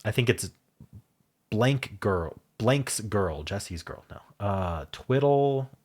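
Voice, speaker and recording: A man with a deep voice and a touch of husk hosts a casual puzzle stream. He thinks out loud, wandering between guesses and doubting himself. He speaks close to a desk mic in a quiet home room. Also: lively intonation, slow pace. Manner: thinks aloud, musing and unsure. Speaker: puzzle video host. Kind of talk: casual solo puzzle commentary.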